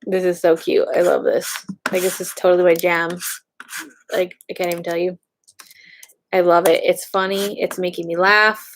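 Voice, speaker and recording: An excitable woman chatting casually, gushing while she browses online. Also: fairly low pitch, moderate pace, pauses often, slight background noise. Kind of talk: casual chat.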